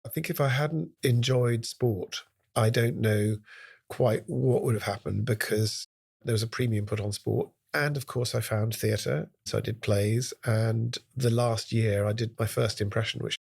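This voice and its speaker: A man in his sixties from Scotland, telling lively anecdotes as a guest in a conversational interview. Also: medium pitch, creaky, breathy edge. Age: 60s. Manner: animated anecdotes, drifting into quick bursts. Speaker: guest, impressionist. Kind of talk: relaxed storytelling interview chat.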